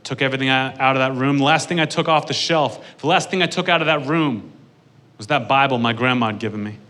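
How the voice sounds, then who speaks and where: A young adult man doing a deadpan stand-up storytelling set with dry delivery building to punchlines. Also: mid-range voice, quick pace. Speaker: stand-up comedian.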